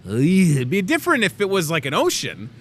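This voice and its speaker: A man's voice: sits high, quick pace, slight background noise. A man in his thirties hosting a live in-store talk show, joking and rambling through asides. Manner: animated, jokey, rambling asides. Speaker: host. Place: grocery store set.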